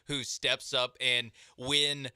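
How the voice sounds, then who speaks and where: A man on a sports radio show, casually explaining his view of a baseball team in a measured way. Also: mid-range voice, little pitch movement, pushed and bright, clean tone, no echo, studio quality.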